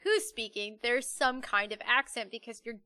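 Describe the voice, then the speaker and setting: A young adult woman with a New Jersey accent, co-hosting a casual chat, lively and quick to laugh. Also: fairly high pitch. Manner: lively, laughs often, opinionated.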